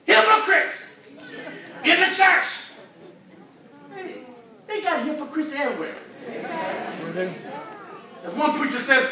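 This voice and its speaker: A man's voice: very high voice, sharp tone. An older man preaching a sermon in a folksy, humorous storytelling way, full of colloquial speech. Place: church sanctuary. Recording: echoey church recording from far off, congregation audible.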